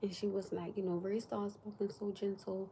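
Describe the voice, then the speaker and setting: Woman ranting on a live stream, soft warm voice, bit of hiss behind. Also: mid-range voice, brisk. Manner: animated, drops to whispers for emphasis. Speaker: livestream host. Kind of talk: casual livestream chat.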